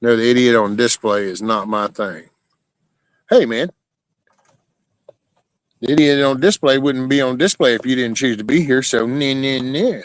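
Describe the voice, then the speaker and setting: A man's voice: mid-range voice, rough recording. A man hosting a livestream, rambling in casual chat with his viewers, swearing often and stopping and restarting his sentences. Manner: rambling, profane, halting with restarts. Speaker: livestream host.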